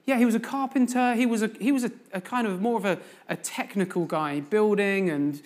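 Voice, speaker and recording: A man's voice: high voice, brisk. A man giving a sermon as a guest preacher in a church, telling a story and putting questions to the congregation.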